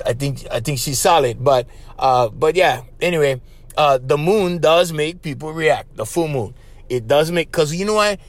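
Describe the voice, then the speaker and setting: A middle-aged man from Hawaii with a Hawaiian Pidgin accent, hosting a podcast in a rambling, casual storytelling way, repeating his words and chuckling often. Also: mid-range voice. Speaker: podcast host.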